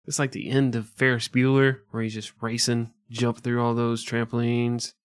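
A man's voice: mid-range voice, completely flat delivery, normal speed, smooth, dry recording, studio quality. A man co-hosting a comedic history podcast, riffing, laughing often and acting out silly scenes. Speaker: podcast co-host. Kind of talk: crude comedic history chat.

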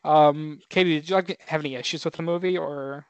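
A man's voice: a little high, fairly even intonation, fairly quick, clear, resonant tone, dry recording. A young man co-hosting a podcast, laid-back and filler-heavy, steering the talk with questions to his guests. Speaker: podcast co-host. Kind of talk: casual chat.

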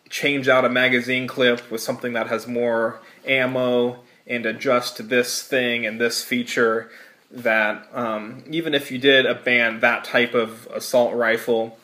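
Male podcast host, mid-pitched, opinionated and sarcastic, ranting in casual chat. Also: pushed and bright.

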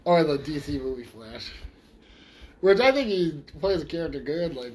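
A man's voice: on the high side, expressive, moderate pace, a little hiss or hum. A man co-hosting a casual podcast in a laid-back, agreeable way, tossing questions to his partner. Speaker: podcast co-host.

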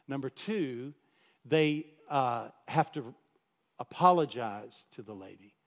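A man voicing a stern but kind school principal, measured and fatherly. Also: medium pitch, animated, big-room sound.

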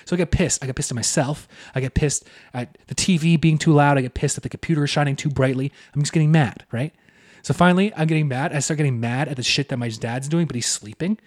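A man's voice: a little high, quick pace. A young man co-hosting a podcast, telling rambling, profane stories and laughing often. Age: young adult. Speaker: podcast co-host. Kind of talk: casual podcast chat.

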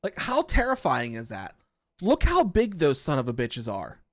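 A man from Western Pennsylvania hosting a podcast, chatting casually with his viewers in loud, profane, excitable rants. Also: mid-range voice, moderate pace, dry recording, clean studio sound. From Western Pennsylvania, USA. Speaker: podcast host. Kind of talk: casual chat with live chat.

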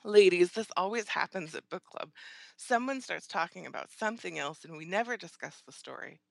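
A woman's voice: on the low side, lively intonation, normal speed, vocal fry, dry recording. A woman reading an audiobook, voicing a timid, nervous young woman who speaks hesitantly.

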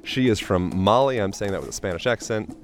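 A man's voice: lowish voice, animated, fairly quick, faint music behind. A man hosting a podcast, talking in a loose, joking, playful way. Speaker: podcast host. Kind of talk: casual podcast monologue.

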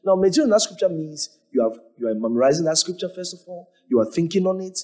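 A man pastor teaching a congregation, animated, repeating phrases and acting out moments as he preaches. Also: fairly high pitch, fast talker. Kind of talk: church teaching with questions.

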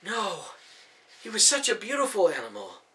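An eager young woman, as a man puts her on speaks with urgent, heartfelt emotion. The voice is pitched up and bright, with a lively, swinging melody. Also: moderate pace, a little hiss or hum, full character voice. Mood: sorrowful.

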